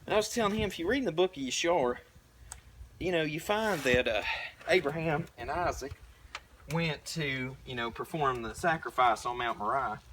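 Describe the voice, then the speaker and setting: While painting at an outdoor tiny house build, a young prepper vlogger with a Southern American accent offers a blunt, folksy, rambling monologue riddled with restarts. He talks at normal speed in a slightly high, somewhat bright voice over slight background noise.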